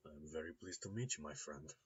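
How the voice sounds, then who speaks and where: A man voicing a cultured, polite Russian rigger, speaking softly, courteously and in a measured way. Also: rumbling low, a little hiss or hum. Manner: soft-spoken, measured and courteous. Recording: slightly dull lo-fi recording.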